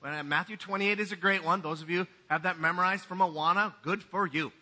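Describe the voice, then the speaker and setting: A man's voice: high-pitched, fairly even intonation, brisk, sharp tone. A man pastor giving a sermon in a conversational, joking way.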